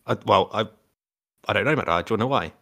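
A man's voice: on the low side, quick pace, creaky, sharp tone. Rambling, playful podcast co-host man. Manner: rambling, playful, full of fillers and restarts. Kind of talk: casual chat.

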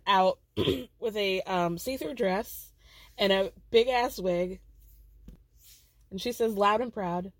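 A woman's voice: medium pitch, no echo. A woman hosting a casual podcast, recapping reality TV in a gossipy, chatty way and laughing often.

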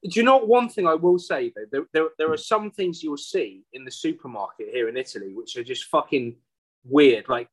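Husky English man, sweary and rambling. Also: a little high, moderate pace, poor audio. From England. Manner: sweary, rambling, animated storytelling. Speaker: podcast host. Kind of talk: casual chat.

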